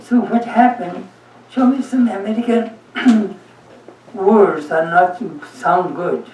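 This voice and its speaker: A man's voice: high-pitched, takes it slowly, darkish tone, slight background noise. A man, a monk, telling humorous anecdotes in a talk to an audience, often laughing. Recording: echoey room, mic far off.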